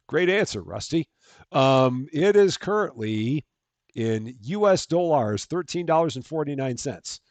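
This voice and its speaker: A chatty man hosts a live stream, chatting casually as he plays and greeting viewers by name. His pitch swings in a lively way. The sound is dry and close, with faint music behind him. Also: no echo. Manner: chatty, reads out jokes and greets chat viewers. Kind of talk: casual gameplay commentary.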